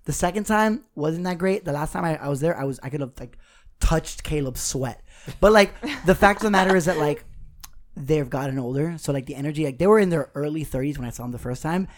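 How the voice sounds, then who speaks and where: A man's voice: a little high, fairly quick. A man in his twenties in casual podcast banter, joking around and swearing a lot. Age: 20s. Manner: rowdy, profane, joking banter. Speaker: podcast co-host. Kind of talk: casual chat.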